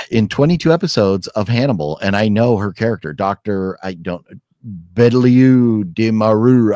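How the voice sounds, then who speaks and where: Rambling low-voiced man reviewing films. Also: no room sound, clean studio sound. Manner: rambling, restarts, animated jumps in pitch. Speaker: podcast co-host. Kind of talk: casual film review chat.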